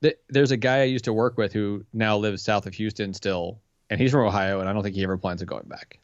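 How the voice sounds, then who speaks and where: A man's voice: lowish voice, steady tone, brisk, dry recording, dull audio. A man co-hosting a casual podcast, running a quiz with a teasing, amused manner. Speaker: podcast co-host, quiz master. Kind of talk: casual chat.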